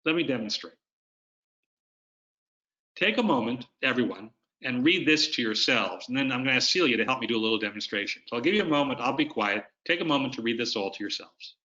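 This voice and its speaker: Bright-voiced man presenting a webinar. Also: mid-range voice, animated, brisk. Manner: coaching, explains with demonstrations. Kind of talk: instructional webinar talk. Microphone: video call. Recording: dull lo-fi video-call audio.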